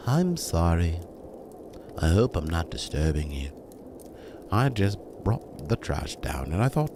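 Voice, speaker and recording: A man's voice: fairly high pitch, big pitch swings, a little slow, background noise, pitched above the performer's own voice. A man reading aloud and voicing a cranky elderly woman who speaks in a feeble, timid, hesitant way.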